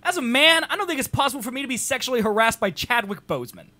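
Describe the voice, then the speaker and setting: Young male co-host, bright tense tone, quick to laugh and tease. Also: very high voice, no echo. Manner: laughing often, teasing, animated. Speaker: podcast co-host. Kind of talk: casual chat.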